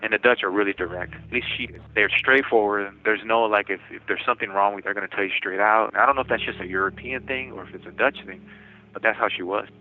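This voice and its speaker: A man telling his own story over a prison phone call, talking in quick bursts with many restarts and laughing now and then. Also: on the low side. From United States. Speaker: incarcerated interviewee. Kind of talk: phone interview, personal storytelling. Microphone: telephone. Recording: tinny prison phone line.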